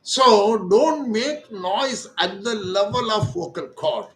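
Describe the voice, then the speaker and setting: Slow older Indian surgeon lecturing. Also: male voice, high voice, expressive, a bit bright, reverberant, low-quality recording. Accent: Indian English. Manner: slow, deliberate, repeats key words. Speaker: ENT surgeon. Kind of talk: lecture-style explanation.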